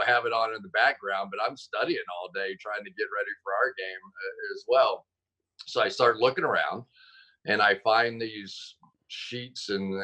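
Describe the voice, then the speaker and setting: Guy on a zoom call telling stories, kinda low voice, keeps restarting his sentences. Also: low-quality recording. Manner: animated storyteller, quick self-corrections. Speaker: guest, football analyst. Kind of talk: casual interview chat. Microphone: video call.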